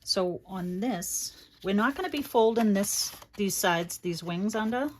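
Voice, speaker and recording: A woman's voice: mid-range voice, expressive, measured pace, a little hiss or hum. A woman with a Boston accent from Massachusetts, casually talking viewers through a crafting project and greeting them as she works. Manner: chatty, thinks aloud while working, greets viewers by place. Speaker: crafting livestream host.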